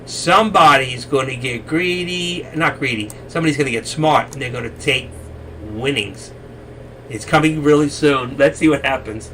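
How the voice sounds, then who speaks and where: Guy running a trading livestream, bright tense voice, kinda far off the mic, bit of background hiss, nagging the chat, yells sometimes. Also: medium pitch, moderate pace. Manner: coaxing, teasing and exasperated with the chat; bursts into loud shouts. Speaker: trading live stream host. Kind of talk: live stream chat with viewers. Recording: distant mic, faint room noise.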